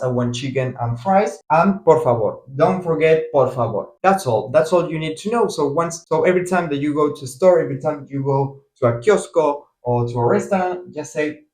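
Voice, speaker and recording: A man from Argentina with an Argentine accent, teaching in a casual video lesson and repeating phrases slowly so learners can follow. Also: a little high, reverberant, poor audio. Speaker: Spanish teacher.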